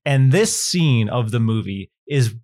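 Animated man retelling film scenes. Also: mid-range voice, unhurried. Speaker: podcast co-host. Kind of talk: casual film discussion.

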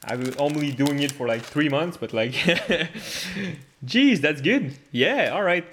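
A man on the high side talks slowly with lively intonation while opening hockey card packs, giving casual commentary, laughing a lot, and letting out loud gasps and swears over good pulls.

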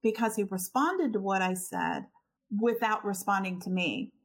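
Podcast cohost lady telling stories, animated, acts out the quotes, laughs a lot. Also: mid-range voice, moderate pace, husky. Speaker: podcast co-host. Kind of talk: casual conversation.

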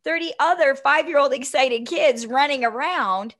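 A woman in her fifties, a guest telling a personal story in an animated, chatty way, often checking in with "right?". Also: high-pitched, moderate pace.

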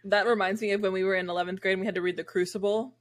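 A woman's voice: mid-range voice, fairly even intonation, racing. A young woman co-hosting a casual podcast, talking loosely with lots of "like" and swearing. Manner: loose and profane, fills with "like". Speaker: podcast co-host.

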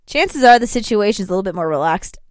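A woman co-hosting a casual podcast with her partner, playful and quick to swear. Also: mid-range voice, expressive, dry recording, studio quality. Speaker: podcast co-host. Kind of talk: casual couple chat.

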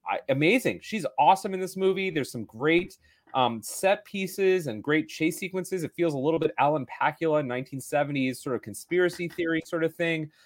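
A man co-hosting a casual film podcast, upbeat and quick with jokes. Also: a little high. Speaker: podcast co-host reviewing films. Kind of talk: casual chat.

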